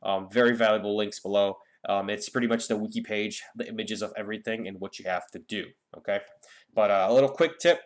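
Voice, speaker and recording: Young man, lowish voice, casual gaming guide, stumbling, lots of fillers, home mic. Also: steady tone. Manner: rambling, halting, with many fillers. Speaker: gaming YouTuber. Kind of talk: casual game guide commentary.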